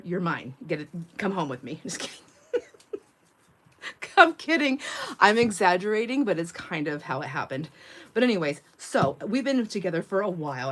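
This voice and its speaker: A middle-aged woman hosting a craft livestream who tells stories in a casual, chatty way, laughs often and acts out the quotes. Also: fairly low pitch. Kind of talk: casual chat while crafting.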